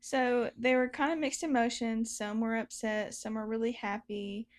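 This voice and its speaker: A woman hosts a podcast interview with a fairly high but flat, even delivery. She steers the conversation with questions and sums up what her guest has just said. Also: moderate pace. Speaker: podcast host.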